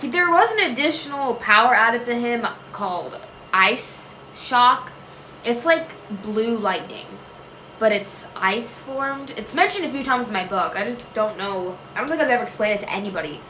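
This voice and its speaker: A woman's voice: a little high, animated, moderate pace, sharp tone. A woman vlogger answering viewer questions in casual chat, rambling, often trailing off with fillers and "I don't know". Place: home room. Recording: echoey room with faint noise.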